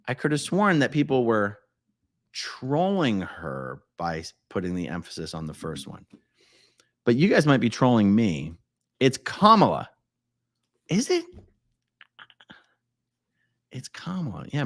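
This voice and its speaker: A man hosting a casual live stream, his pitch leaping around as he chats and jokes. He reads viewer comments out loud, shifting from loud exclamations to quiet mumbled asides. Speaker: livestream host.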